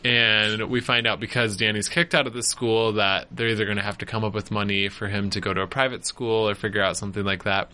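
A man's voice: lowish voice, little pitch movement, fairly quick, hardly any pauses, sharp tone, smooth. A man co-hosting a casual podcast, recapping a TV episode with friends. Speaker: podcast co-host.

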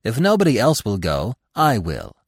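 A proud young male deer brushes off every warning with scorn, as a man reading the story voices him. The voice stays low and deep, with a lofty, superior air. The recording is close and dry. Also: huge pitch swings, moderate pace, breathy edge, no echo, heavily acted. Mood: scornful.

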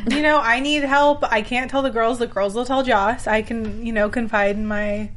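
Woman, high-pitched chimer-in, supportive. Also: fairly even intonation, moderate pace, a bit bright, slight background noise. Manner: agreeable, short interjections. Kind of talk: casual reality-TV recap chat.

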